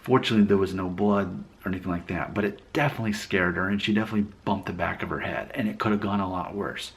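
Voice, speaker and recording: A man with a very low voice tells a personal story to his channel. He talks reflectively and rambles, often stopping to correct himself mid-sentence. He grew up in Alabama and has no regional accent. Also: steady tone, fast. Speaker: vlogger. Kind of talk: casual storytelling vlog.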